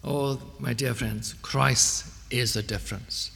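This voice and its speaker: A male preacher delivers an earnest sermon, his voice rising to emphatic peaks before sinking back to a hushed, intimate tone. The sound carries a long reverb, as if recorded in a large church hall. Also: medium pitch, fairly even intonation, takes it slowly, gravelly, slight background noise.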